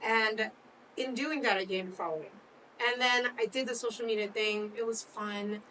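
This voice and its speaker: Woman, co-host, casual chat, candid, laughs often, higher voice, faint room noise. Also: fairly even intonation, normal speed, a bit bright, far from the mic, rough recording.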